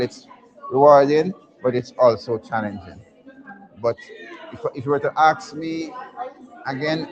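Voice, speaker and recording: Jamaican man, middle-aged school principal, storytelling, muffled sound, crowd of students around. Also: mid-range voice. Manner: storytelling, jokey, asks the crowd "right?". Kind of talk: casual talk to students at a career day.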